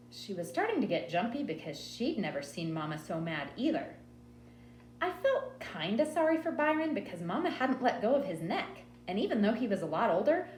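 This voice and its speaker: Woman reading a novel, lively and expressive. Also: medium pitch. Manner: expressive storytelling read. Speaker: audiobook reader. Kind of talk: first-person novel narration. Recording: roomy with faint hum.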